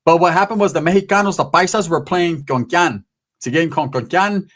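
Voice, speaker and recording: A man's voice: fairly high pitch, brisk, a bit bright. A man telling a prison story in a casual, streetwise, profane way, often slipping into the voices of the people in it.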